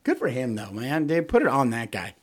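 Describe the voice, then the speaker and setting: A man co-hosting a casual sports podcast, telling stories with lots of fillers and quick "right?" checks. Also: mid-range voice. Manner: animated storyteller, many fillers and "right?"; acts out quotes in other voices. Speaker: podcast co-host.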